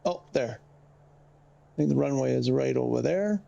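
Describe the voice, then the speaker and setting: A slightly winded man streams a flight game, chatting and wandering through the radio steps into a headset mic as casual commentary. His mid-range voice has lively intonation, normal speed, and a creaky, dark tone with the highs cut off.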